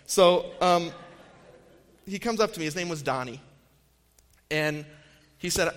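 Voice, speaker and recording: A man in his thirties delivers a relaxed storytelling sermon, easygoing and self-deprecating, with plenty of ums and restarts. His voice sits a little high for a man. The sound carries a long reverb from a large hall. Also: a little slow, pauses often. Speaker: campus minister speaking to an audience.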